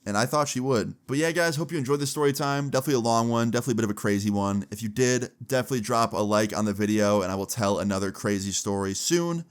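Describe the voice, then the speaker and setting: A man's voice: medium pitch, fast talker, few pauses, clean tone. A young man vlogger casually telling a story time in a slangy, swearing way.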